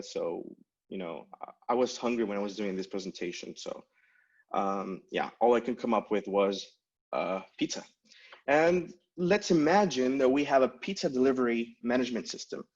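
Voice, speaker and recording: A man gives a conference tech talk in a loose, easygoing way, full of ums, likes and restarts. His voice sits at an ordinary middle pitch. The recording sounds dull and lo-fi. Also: expressive, moderate pace, darkish tone. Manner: casual, many fillers and restarts. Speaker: conference speaker.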